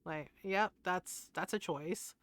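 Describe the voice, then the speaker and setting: A woman's voice: lowish voice, slow pace, fairly bright tone. A woman in her forties streaming a game, talking with her chat in a frank, heated way, swearing freely and laughing often. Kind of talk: casual livestream chat.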